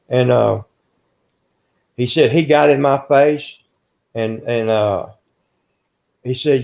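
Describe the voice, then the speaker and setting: An older man in an interview, telling rambling stories in a gruff, self-interrupting way. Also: medium pitch, a little slow, pauses often. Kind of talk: casual storytelling. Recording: dull lo-fi recording.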